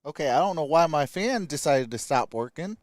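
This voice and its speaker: A young adult man from Michigan hosting a casual sports live stream, greeting chat viewers by name with upbeat shout-outs. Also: fairly high pitch, expressive, a little fast, no room sound, clean studio sound.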